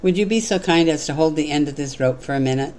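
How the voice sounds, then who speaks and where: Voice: mid-range voice, quick pace, a little mellow, slight background noise, close to an everyday voice. A storyteller voicing a desperate man who clings to a rope and insists he must be held. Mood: pleading. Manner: pleading, insistent.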